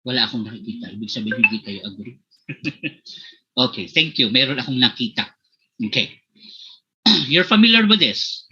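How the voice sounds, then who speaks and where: A man's voice: medium pitch, animated, a little fast, long pauses, bright, forceful tone, breathy edge, dull audio. A man from the Bicol region of the Philippines with a Filipino accent, giving an online webinar lecture on leadership. He mixes English and Filipino, checks in with "okay?" again and again, and addresses his listeners as "my dear participants.". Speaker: guest speaker on leadership.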